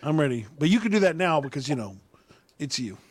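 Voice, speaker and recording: Man, podcast host, casual chat, slightly high voice, rambling, easygoing. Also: very animated, fast. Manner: rambling, restarts sentences, easygoing.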